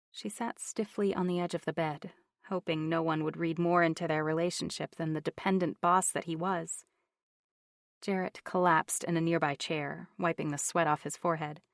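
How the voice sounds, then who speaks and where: A woman narrating a novel in an even, measured way. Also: low voice, dry recording, clean studio sound. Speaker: audiobook narrator. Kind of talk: scripted narration.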